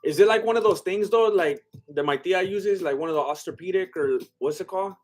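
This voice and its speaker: Young male streamer, high voice, loose excitable fight commentary with chat asides. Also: a little fast. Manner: excitable, exclaims at big shots, chats with viewers. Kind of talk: casual live commentary and chat.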